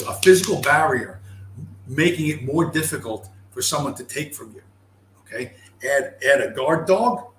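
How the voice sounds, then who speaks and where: A man's voice: mid-range voice, fairly bright tone. A man delivering a profane, emphatic ranting monologue, hammering his points with repetition and swearing. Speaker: show host. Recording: roomy with faint background noise.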